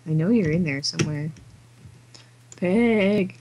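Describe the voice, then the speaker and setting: Sleepy, slow-talking giggly woman gamer. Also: lowish voice, noisy background. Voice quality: giggly, talks to herself and the game. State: exhausted, sleepy. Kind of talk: late-night gameplay commentary.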